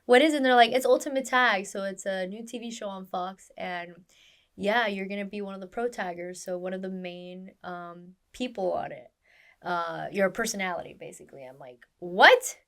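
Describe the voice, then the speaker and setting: A woman's voice: mid-range voice, moderate pace. Young woman chatting on a podcast, voice jumps up when she quotes people, lots of likes and ums. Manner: animated, acts out quoted dialogue, many fillers. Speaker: stunt performer guest. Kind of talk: casual interview storytelling.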